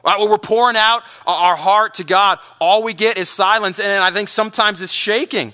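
A man's voice: high-pitched, steady tone, normal speed, bright, forceful tone. A man preaching a sermon as pastor, earnest, often repeating words and restarting.

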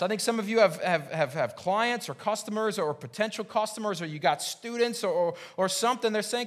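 A man's voice: high-pitched, a little fast, a bit bright. A man preaching a sermon as pastor, earnest and repetitive, full of rhetorical questions and stammered restarts. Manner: frequent restarts and stammered repeats.

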